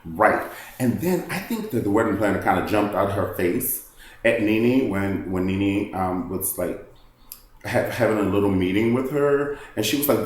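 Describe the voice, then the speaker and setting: A man's voice: lowish voice, normal speed, slight background noise. Sassy, echoey man recapping reality TV. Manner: animated, sassy storytelling with mimicked quotes. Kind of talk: casual recap commentary.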